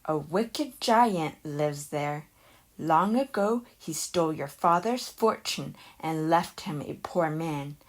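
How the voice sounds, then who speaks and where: A grave old woman from a storybook, speaking her warning slowly, as a woman puts her on. The voice sits a little low. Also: expressive, full character voice.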